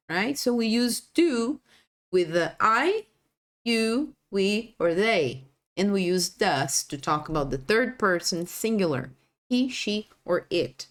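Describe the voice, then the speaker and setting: Animated woman teaching English. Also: medium pitch. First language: Portuguese. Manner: animated, models sentences with exaggerated rising intonation.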